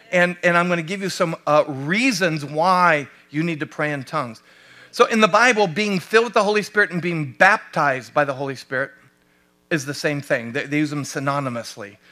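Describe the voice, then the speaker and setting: A male pastor with an American accent preaching a sermon, animated and asking his congregation rhetorical questions. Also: fairly high pitch, moderate pace.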